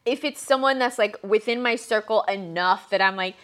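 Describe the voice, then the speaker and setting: A woman's voice: medium pitch, moderate pace, fairly bright tone. A woman co-hosting a podcast in casual chat. She swears freely and acts out her reactions in a raised voice. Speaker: podcast co-host.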